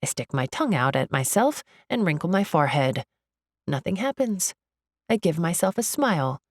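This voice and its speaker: Low-voiced woman narrating an audiobook. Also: very animated, moderate pace, no room sound, clean studio sound. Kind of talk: first-person audiobook narration.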